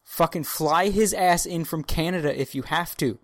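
Excitable, profane man in casual chat. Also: fairly high pitch, moderate pace, no echo, clean studio sound. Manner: profane, excitable, mock-dramatic outbursts. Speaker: podcast co-host.

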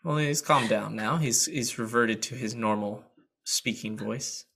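A man's voice: medium pitch, a little slow, gravelly, fairly bright tone, husky. A man narrating as game master in a tabletop game, describing scenes with hesitant fillers.

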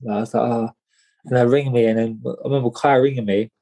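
A young man from tells his story as an interview guest. He talks in a loose, slangy way, restarting his sentences and repeating words as he goes. His voice sits at an ordinary, middle pitch. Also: fairly even intonation, quick pace, warm tone, poor audio. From England. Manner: rambling, repeats words, slangy, calls listener mate. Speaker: guest, boxer.

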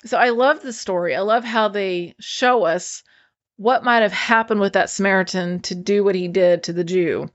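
A woman's voice: mid-range voice, normal speed, lo-fi sound. A woman casually recapping a show episode, chatty and enthusiastic, acting out the characters' lines as she retells them.

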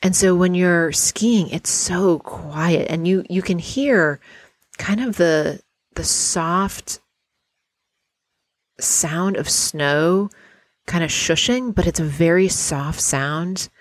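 A woman hosting a guided visualization, talking in an unhurried, dreamy way and inviting the listener to picture a perfect day. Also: lowish voice, lively intonation, no room sound. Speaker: host guiding a visualization exercise.

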